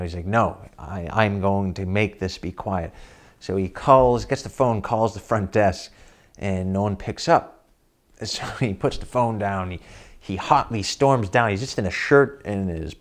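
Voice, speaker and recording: A man tells a comic personal anecdote in a somewhat low voice. He chuckles as the story goes on and keeps a loose, casual storytelling rhythm.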